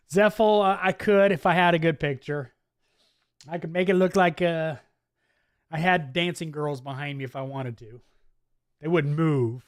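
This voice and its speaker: A man's voice: fairly high pitch, measured pace, pauses often, no room sound, clean studio sound. A man with a mixed Midwest and Southern US accent hosts a casual live chat, reading viewer comments in a chatty, laid-back way and laughing often. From US Midwest, Wisconsin. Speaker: livestream host. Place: home office.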